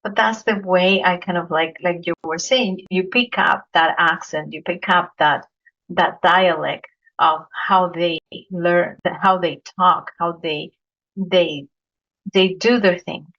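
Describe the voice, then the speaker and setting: In a steady, slow, slightly bright voice on the low side, a Colombian host with a Spanish accent earnestly recounts anecdotes in a casual podcast interview, repeating words as she searches for them. The audio is dull and lo-fi.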